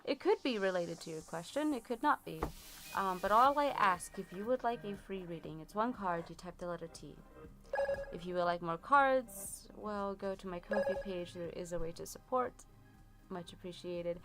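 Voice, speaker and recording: A woman's voice: mid-range voice, moderate pace, a bit bright, faint music behind. A woman giving a tarot reading on a live stream, chatty and rambling, with many fillers. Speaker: tarot reader.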